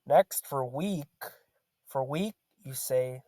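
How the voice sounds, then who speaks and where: A man tutoring Spanish vocabulary, saying each word and repeating it with pauses. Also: medium pitch, animated, darkish tone, dry recording, clean studio sound. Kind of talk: slow vocabulary lesson.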